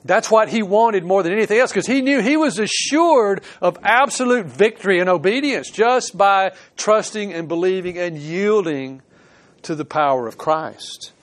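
A man delivers a sermon in a somewhat high voice, earnest and plain-spoken. He reads scripture aloud and comments on it, pushing up for emphasis and then dropping into soft conversational asides. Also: lively intonation, moderate pace. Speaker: pastor.

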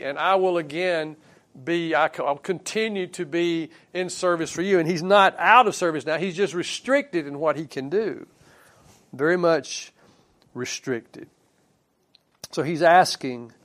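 A man preaching a sermon, earnest and unhurried, rising on key phrases and dropping low after.

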